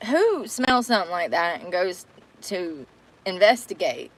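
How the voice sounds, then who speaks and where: A woman's voice: lowish voice, sing-song, unhurried, fairly bright tone. A young woman, chatting casually and reacting to a news story with blunt, laughing disbelief.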